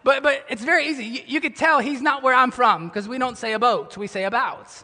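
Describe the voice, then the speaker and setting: A male pastor preaching a sermon, telling stories with animation and sinking into a low, somber tone. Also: brisk, bright, forceful tone, long reverb tail.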